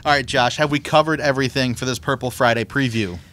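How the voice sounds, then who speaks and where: A man's voice: medium pitch, steady tone, fast talker, a bit bright. A man hosting a sports podcast in casual chat. He has a laid-back, agreeable manner and often chimes in with short replies. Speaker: podcast host.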